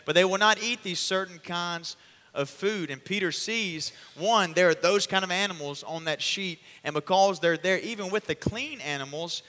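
Male preacher, animated storyteller, bright forceful tone, hall reverb. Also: high voice, normal speed. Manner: animated storytelling, acting out voices. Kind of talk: sermon.

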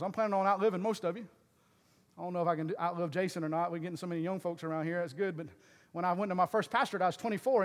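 Middle-aged male pastor, high voice, emphatic sermon delivery, long hall echo. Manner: swings from loud, emphatic preaching to low, earnest asides.

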